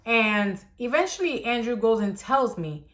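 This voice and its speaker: A young woman telling a casual storytime, animated and exclamatory, acting out the dialogue as she goes. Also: a little high, a little slow. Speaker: vlogger.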